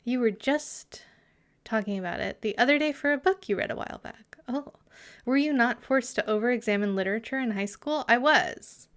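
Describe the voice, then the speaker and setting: A woman's voice: on the high side, moderate pace, fairly bright tone. A woman streamer in casual live chat with her viewers, chatty and giggly, sometimes muttering asides to herself.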